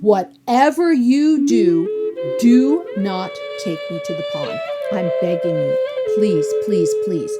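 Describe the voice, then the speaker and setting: A clever little female water turtle from a storybook tale, as a woman storyteller puts her on. She sounds high and innocent, slow and lilting, with music playing behind her. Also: huge pitch swings, heavily acted. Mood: pleading. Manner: coy, innocent pleading.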